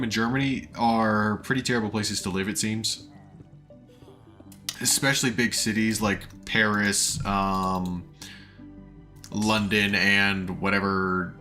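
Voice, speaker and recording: An American man streams a game, rambling as he builds and reading chat out loud, his lowish, sharp-toned voice worn and sore from hours of talking.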